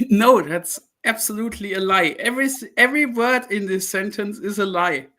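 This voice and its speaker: A man's voice: sits high, moderate pace, pushed and bright. A man co-hosting a stream, teasing and needling the host while laughing. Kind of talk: casual stream banter.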